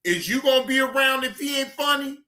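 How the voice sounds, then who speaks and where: In a brisk, high-sitting voice, a livestream reaction host rants at a viewer in the chat. He's profane and heated, often breaking into shouts and repeating dismissive goodbyes again and again.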